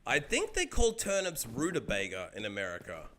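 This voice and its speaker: An Australian man streaming a game, chatting casually with viewers in an excitable, rambling way and swearing freely. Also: medium pitch, moderate pace, a little hiss or hum. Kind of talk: casual chat while gaming.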